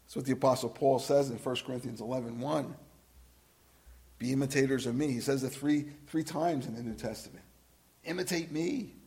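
A man preaching a sermon as a pastor, swinging from loud emphasis to hushed, drawn-out words and asking his listeners direct questions. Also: mid-range voice, fairly even intonation. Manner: asks the congregation direct questions.

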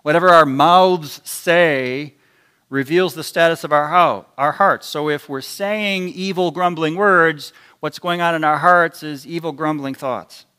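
A man preaching a sermon in a deliberate, emphatic way, his loudness rising and dropping sharply for stress. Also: on the high side, smooth.

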